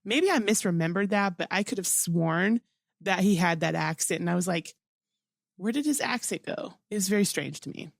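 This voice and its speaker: A woman's voice: fairly low pitch, brisk, creaky, no echo, clean studio sound. A woman co-hosting a podcast, chatting casually about a movie and rambling with many fillers. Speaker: podcast co-host. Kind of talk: casual movie review chat.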